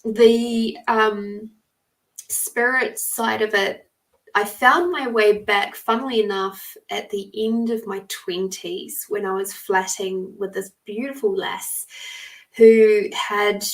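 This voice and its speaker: A woman's voice: medium pitch, fairly even intonation, slow pace, distant mic. Chatty woman telling a story. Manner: chatty and rambling, greets viewers mid-story. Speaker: podcast host giving live readings. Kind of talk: casual storytelling on a live stream.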